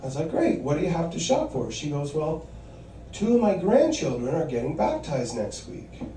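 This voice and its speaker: A man's voice: fairly high pitch, sing-song, moderate pace, dark tone, roomy sound, recorded from a distance, slight background noise, rough recording. A man performing a stand-up comedy set, telling wry stories and acting out quoted voices.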